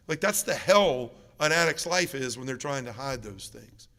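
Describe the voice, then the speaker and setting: A man's voice: mid-range voice, lively intonation, moderate pace, creaky, few pauses, sharp tone. A middle-aged man giving an earnest personal testimony at a parish mission, acting out the people in his story. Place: large church. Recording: long reverb of a church.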